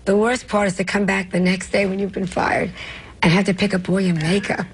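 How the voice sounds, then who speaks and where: A woman's voice: medium pitch, flat delivery, a little fast, a little hiss or hum, rough recording. An older woman, a comedian with a New York accent, telling stories in an interview with brash, self-mocking asides. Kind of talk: interview storytelling.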